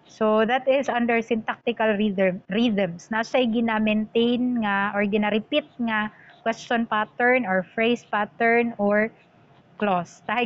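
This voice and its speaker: A woman's voice: fairly high pitch, measured pace, lo-fi sound, a little hiss or hum. A woman teacher giving an online lecture, explaining terms and switching between English and Cebuano.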